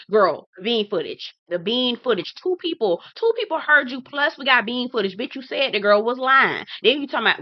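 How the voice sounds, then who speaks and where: A woman's voice: fairly high pitch, brisk, few pauses, no room sound, dull audio. A woman recapping a reality TV episode in casual, blunt, profane talk. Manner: sassy, blunt, profane, animated. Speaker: TV recap host.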